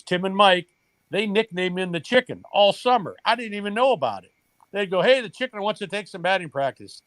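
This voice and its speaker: A man's voice: a little high, fairly bright tone, no echo. Earnest older man telling a story. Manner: emotional, earnest storytelling with quoted dialogue. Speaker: guest, retired baseball coach. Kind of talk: storytelling in a podcast interview.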